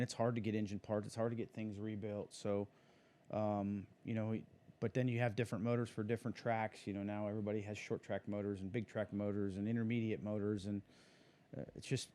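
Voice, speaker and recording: A man's voice: on the low side, level tone, a little fast, mellow. A man talking casually as an interview guest, a racing driver who rambles with many fillers and restarts. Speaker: guest, sprint car driver.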